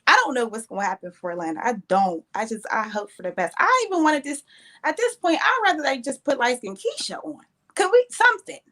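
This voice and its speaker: A woman's voice: high-pitched, big pitch swings, a little fast, fairly bright tone. Chatty woman caller. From Pittsburgh, Pennsylvania. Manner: chatty, hesitant, trailing off. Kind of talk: casual phone-in chat.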